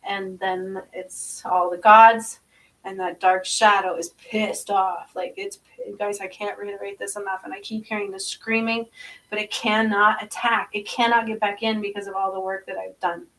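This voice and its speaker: A woman's voice: mid-range voice, level tone, moderate pace, fairly bright tone, far from the mic, rough recording. A woman channeling spirits aloud in an intense, repetitive monologue, often asking listeners if they understand and chanting strings of strange syllables. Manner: speaks with eyes closed, asks listeners if they understand.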